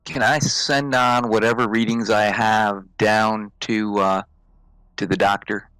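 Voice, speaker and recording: A man's voice: lowish voice, flat delivery, a little slow, fairly bright tone, clean tone, dry recording, poor audio. A man playing a tabletop game who talks casually and hesitantly. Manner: hesitant, laughing at himself. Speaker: player.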